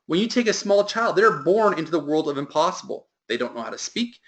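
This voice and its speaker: A man's voice: fairly high pitch, sing-song, fairly quick. A man giving a motivational sales training talk to a team, with emphatic delivery that lifts and drops.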